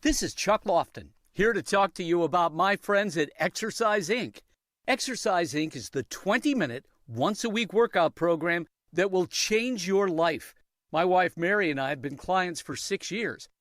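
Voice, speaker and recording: A man reading a radio ad endorsement in a steady, friendly manner. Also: high voice, normal speed, no room sound, clean studio sound. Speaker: ad spokesman. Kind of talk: read radio ad.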